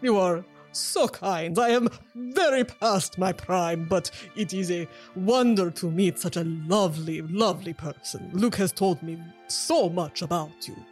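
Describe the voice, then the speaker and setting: Woman playing a loud, gushing baron. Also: lowish voice, soft background music, natural voice. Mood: effusive. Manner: theatrical and effusive, slow and grand. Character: boisterous, doting, dim-witted middle-aged nobleman.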